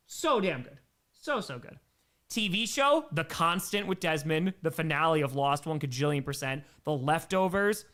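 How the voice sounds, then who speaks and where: Chatty man with a higher voice. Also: a bit bright. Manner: rambling and enthusiastic, thanks donors between answers. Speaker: livestream host answering viewer questions. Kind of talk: casual chat.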